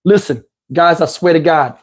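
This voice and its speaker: An animated middle-aged man telling a comic story from his own life. He talks loose and slangy and stops often to restart. He breaks off to address the people watching him. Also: fairly high pitch, moderate pace. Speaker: vlogger telling a personal story.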